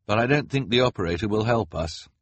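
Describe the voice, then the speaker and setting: A calm young boy in an audiobook, speaking gently and evenly with a slightly husky tone, played by a male narrator. The recording is dry and close. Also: fairly low pitch, fast, dry recording. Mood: gentle. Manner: gentle and steady.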